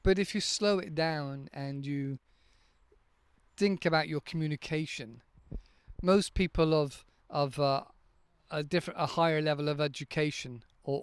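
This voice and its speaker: Clear-voiced teacher explaining pronunciation. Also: male voice, fairly high pitch, no echo. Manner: explains patiently, demonstrating sounds word by word. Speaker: English teacher and podcast host. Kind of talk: casual podcast monologue. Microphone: handheld microphone.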